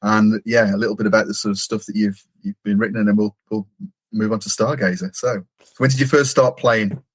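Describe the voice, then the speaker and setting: A man's voice: on the low side, fairly even intonation, fairly quick, breathy edge. A middle-aged man from England hosting a casual podcast chat, jokey and self-deprecating, laughing often. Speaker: podcast host.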